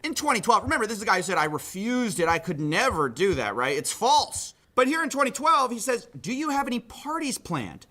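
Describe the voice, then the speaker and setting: A man's voice: sits high, big pitch swings, brisk, hardly any pauses, sharp tone. A man hosting a commentary show, reading out reports and quotes with sardonic asides. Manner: sardonic, reads quotes aloud. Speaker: commentary host.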